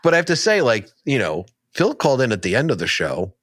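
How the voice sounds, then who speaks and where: Joking male co-host; very lively pitch, dead-dry studio sound. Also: quick pace, no room sound. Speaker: podcast co-host. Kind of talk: casual chat.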